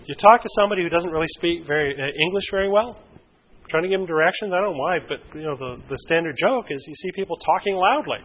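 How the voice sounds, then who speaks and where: A man presenting a relationship workshop in a conversational way, lively, using vivid examples and asking his audience questions. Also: fairly high pitch, fast. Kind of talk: conversational teaching to a group. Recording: dull lo-fi recording.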